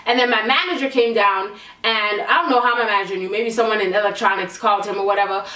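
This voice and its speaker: Animated, profane young woman vlogger. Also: mid-range voice, fast. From Canada. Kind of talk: storytime vlog. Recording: echoey room, mic at a distance.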